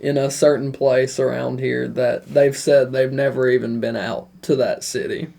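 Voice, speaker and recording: A man from Kentucky with an Appalachian accent, co-hosting a casual podcast, agreeable and quick to chime in. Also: mid-range voice, little pitch movement, vocal fry, warm tone. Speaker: podcast co-host. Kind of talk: casual chat.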